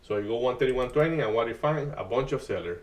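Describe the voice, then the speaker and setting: A man hosting a live day-trading stream, talking through market moves in a halting way with many restarts and uneven grammar. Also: medium pitch, expressive, far from the mic. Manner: halting, restarts often, non-native grammar.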